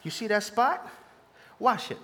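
A man preaching a sermon voices God speaking to him, calm and gently teasing, a little lower than his preaching voice. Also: measured pace, slight background noise, heavily acted.

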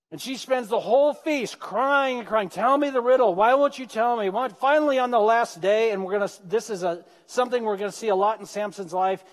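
A man's voice: high-pitched, long reverb tail. A man preaching a sermon, retelling a scripture story with joking asides to his congregation. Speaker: pastor. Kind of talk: humorous sermon.

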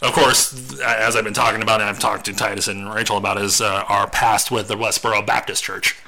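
A man's voice: lowish voice, flat delivery, fairly quick, bright, forceful tone, low-quality recording. A man co-hosting a podcast in casual chat, crude and joking, laughing often. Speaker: podcast co-host.

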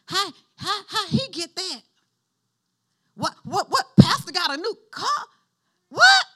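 A woman pastor mimicking an incredulous, jealous gossiping churchgoer in a shrill, sputtering voice. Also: sing-song, slow, a bit bright, full character voice.

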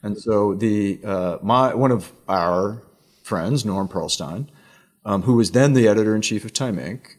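A middle-aged man, a media executive guest, talking in an animated storytelling way with emphatic asides in a conversational interview. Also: lowish voice, unhurried.

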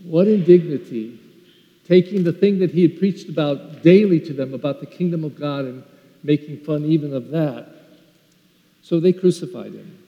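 An older man, a parish priest, telling a story in an earnest Sunday sermon that swings between loud and soft. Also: on the high side. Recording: lo-fi recording in a reverberant church.

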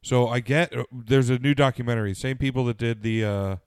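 A man's voice: mid-range voice, fairly even intonation, fairly quick, darkish tone, smooth, no echo. A man co-hosting a casual podcast, telling a long story with lots of swearing and fillers, tired and sniffly. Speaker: podcast co-host.

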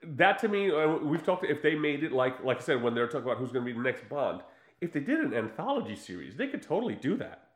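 Animated man in an echoey room. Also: on the high side, quick pace. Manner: animated, laughing, swearing, acts out scenes. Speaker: podcast co-host. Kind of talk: casual film chat.

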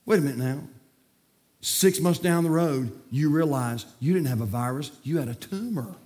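A man preaching a sermon as pastor in a church, swinging between hushed passages and shouted climaxes. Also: a little high, normal speed. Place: church sanctuary.

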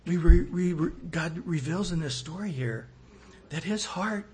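A man preaching a sermon, acting out quoted voices and swinging between loud and soft. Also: on the high side, expressive, a little slow, a little hiss or hum. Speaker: pastor.

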